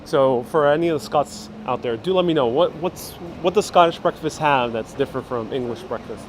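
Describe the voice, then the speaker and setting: A man's voice: mid-range voice, fairly quick. Man, travel vlogger, live-streaming on a phone while walking, chatty replies to chat, light street noise. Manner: chatty, answers viewers' questions as he walks. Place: outdoors on a busy old-town street. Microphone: phone held while walking. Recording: faint street noise and traffic.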